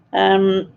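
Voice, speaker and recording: A woman with a medium-pitched, gravelly voice hosts a live quiz stream, chatting and giggling as she reads out viewers' answers. The stream audio is dull and lo-fi, with faint ambience.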